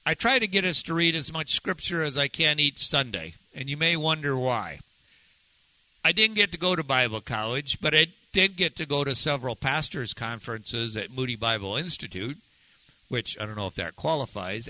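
A man preaching a sermon as pastor, earnest and measured, slowing down to stress key phrases. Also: a little high, bright, forceful tone, no echo, rough recording.

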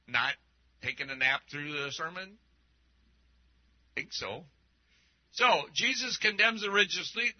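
Slow-talking pastor, dull lo-fi sound. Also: male voice, high voice. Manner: conversational, rambling with restarts and asides. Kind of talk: sermon.

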